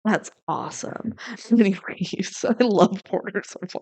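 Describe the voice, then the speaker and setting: A woman co-hosting a podcast, recapping a movie in a chatty, lively way with quick asides. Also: medium pitch, no echo. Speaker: podcast co-host. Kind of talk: casual chat recapping a movie.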